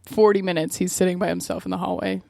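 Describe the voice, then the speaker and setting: A woman's voice: fairly low pitch, flat delivery, fast, vocal fry, mellow, no echo. A woman co-hosting a podcast, telling a story in casual chat, laughing often and swearing freely. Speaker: podcast co-host.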